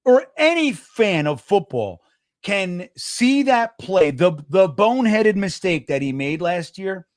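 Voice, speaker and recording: A middle-aged man, co-hosting a casual sports podcast, animated and swearing, acting out quotes in a raised voice. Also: sits high, takes it slowly, no room sound, studio quality. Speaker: co-host.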